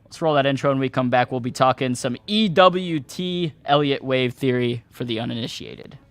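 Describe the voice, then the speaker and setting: A man's voice: mid-range voice, normal speed. A man hosting a live market talk show, rambling and restarting his sentences as he talks. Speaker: show host.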